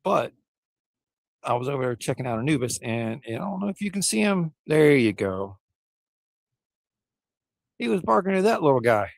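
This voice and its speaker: A man's voice: mid-range voice, big pitch swings, moderate pace, vocal fry, long pauses, no echo. Folksy man streaming outdoors. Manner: rambling, folksy, addresses viewers as y'all. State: a little out of breath. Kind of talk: casual live-stream chat. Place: outdoors by a smoker.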